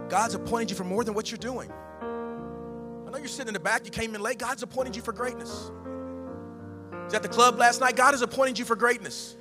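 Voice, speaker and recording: A male pastor preaching a sermon, animated and joking, swinging between loud calls and hushed appeals. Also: extremely high pitch, moderate pace, long pauses. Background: band music.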